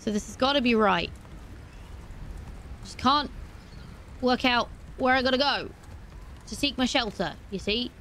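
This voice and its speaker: A woman playing a video game, talking to herself in an animated way and breaking into startled exclamations. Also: on the high side, unhurried, long pauses, slight background noise. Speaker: let's play host. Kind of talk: gaming commentary.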